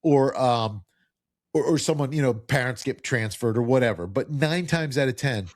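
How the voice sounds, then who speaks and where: A talkative man in his fifties with a faint New Jersey accent, hosting a relaxed podcast chat at an ordinary pitch. He rambles through stories and restarts his sentences often. The sound is close and dry, with no room in it. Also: normal speed, no room sound. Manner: rambling storyteller, many restarts. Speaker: podcast host. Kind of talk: casual interview chat.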